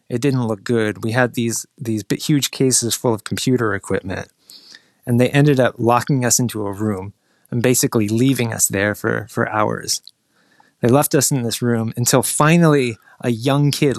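A man's voice: mid-range voice, dry recording. A man tells a story in a loose, meandering way, often stopping and restarting his sentences. His voice sits in a middle range, and the recording is close and dry. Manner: rambling storyteller with many restarts, mimics people in quotes. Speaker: guest telling a travel story. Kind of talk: casual podcast chat.

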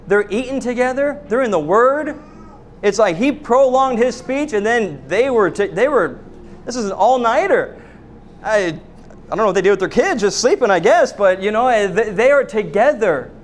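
A man's voice: high-pitched, slight background noise. A man preaching a sermon as pastor, asking repeated rhetorical questions and often restarting his words.

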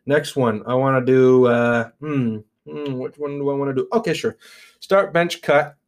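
A man's voice: medium pitch, normal speed. Laid-back man hosting a podcast. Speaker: podcast host. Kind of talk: casual podcast banter.

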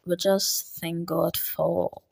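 A woman's voice: lowish voice, level tone, slow, creaky, a little mellow. A woman giving an earnest, casual talk of encouragement, often dropping to a whisper.

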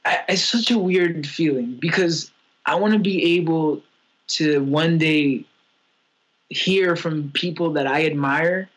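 A young man with a husky, slightly raised voice rambles through a casual podcast chat. He talks candidly about his feelings, piling on fillers and restarts. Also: on the high side, slow pace, a bit bright, rough recording.

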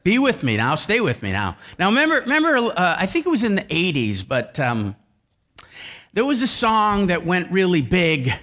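A man's voice: high-pitched, huge pitch swings, normal speed, fairly bright tone. A man preaching a sermon with emphasis, repeating key phrases over and over. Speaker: pastor.

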